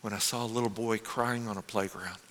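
A man's voice: fairly low pitch, fairly even intonation, brisk, a bit bright, a little hiss or hum. A man giving a first-person dramatic sermon monologue, earnest and confessional, stammering on restarts. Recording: echoey hall.

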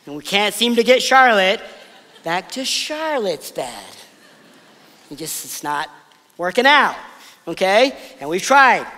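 A man preaching a sermon, telling family stories in a casual, conversational way before dropping to soft, emphatic pauses. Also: high-pitched, sing-song, long reverb tail. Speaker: pastor.

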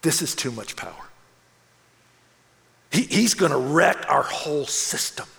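A man preaching a sermon as an animated storyteller, acting out the voices in his story and dropping to a hush for solemn moments. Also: a little high, measured pace, vocal fry, long reverb tail. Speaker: pastor.

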